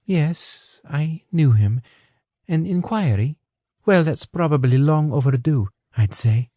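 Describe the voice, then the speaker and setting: Man voicing a young Englishwoman, English accent, wary, sardonic, lifted pitch, dry close sound. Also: expressive, slow pace, a little mellow, no room sound. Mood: guarded, wry.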